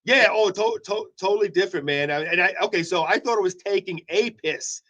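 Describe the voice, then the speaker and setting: A man's voice: sits high, quick pace, sharp tone. A man hosting radio mornings, telling long rambling stories in casual chat with many restarts. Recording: dull lo-fi audio.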